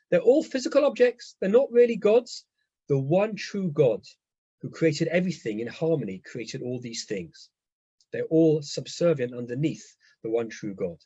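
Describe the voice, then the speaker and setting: A man's voice: medium pitch, a little mellow, breathy edge, no room sound, muffled recording. A man giving an enthusiastic lecture as a rabbi, often checking in with his listeners. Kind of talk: lively lecture to a congregation.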